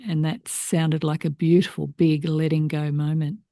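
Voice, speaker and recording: A woman's voice: sits low, little pitch movement, moderate pace, mellow, no echo, clean studio sound. A woman hosting a parenting podcast, explaining frankly and reflectively to her guest. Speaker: podcast host. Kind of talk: interview conversation.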